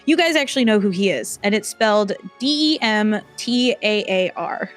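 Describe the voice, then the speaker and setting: A woman's voice: mid-range voice, lively intonation, moderate pace, soft background music. A woman narrating a tabletop game as game master, chatty and rambling, with many fillers.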